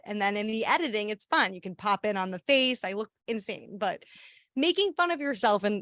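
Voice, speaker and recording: A woman's voice: mid-range voice, a bit bright, no echo, studio quality. A young woman, an activist, giving a casual workshop talk in a chatty, sassy way with lots of fillers and restarts.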